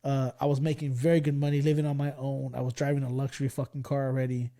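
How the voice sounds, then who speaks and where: A man in his forties hosting a podcast, telling stories in casual chat, swearing freely and loudly acting out what others said. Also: mid-range voice, fast. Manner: animated storyteller, swears freely, acts out quoted lines loudly. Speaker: podcast host.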